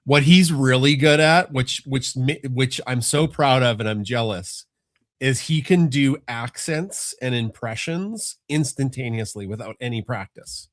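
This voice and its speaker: A middle-aged man chats casually on a family podcast, speaking at a measured pace in a medium-pitched voice. The sound is clean studio audio with no room sound, and he rambles and restarts often.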